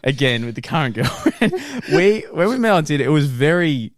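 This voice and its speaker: A young man with an Australian accent, chatting on a podcast in a lively, sing-song voice that rises and falls freely. He laughs through his stories and stumbles over restarts, recorded close and dry with no room sound. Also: on the high side, fairly quick, no room sound. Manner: laughing, rambling anecdotes with restarts. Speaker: podcast co-host. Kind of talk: casual chat, storytelling.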